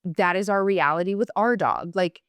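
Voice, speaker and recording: A woman's voice: fairly low pitch, no echo, clean studio sound. A young woman hosting a podcast, chatting casually and passionately with lots of fillers. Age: young adult. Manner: chatty, passionate, fast-talking with many fillers. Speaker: podcast host. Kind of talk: casual chat.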